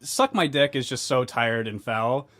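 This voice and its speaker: A man's voice: mid-range voice, animated, measured pace, fairly bright tone, no echo, clean studio sound. A young man co-hosting a casual podcast, rambling and joking, often restarting his sentences. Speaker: podcast co-host. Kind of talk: casual chat.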